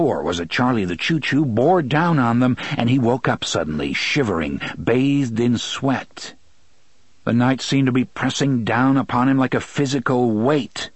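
Man narrating an audiobook, husky voice, dry close sound, even and steady. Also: medium pitch, no room sound. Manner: steady, measured storytelling. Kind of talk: scripted narration.

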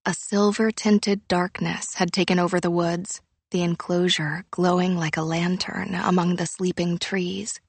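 A woman narrating an audiobook in a measured, even reading voice, close to the mic. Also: fairly low pitch, slightly rough, dry recording. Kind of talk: scripted narration.

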